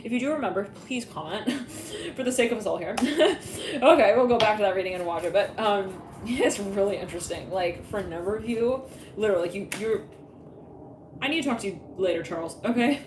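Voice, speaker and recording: A woman talks through a tarot reading in a loose, rambling way, laughing often and slipping into little acted-out voices for the people she imagines. Her voice sits at a middle pitch. The room around her is echoey, with a faint hum underneath. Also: fairly quick. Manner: rambling, giggly, acts out imagined dialogue. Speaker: tarot reader. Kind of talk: casual tarot reading monologue.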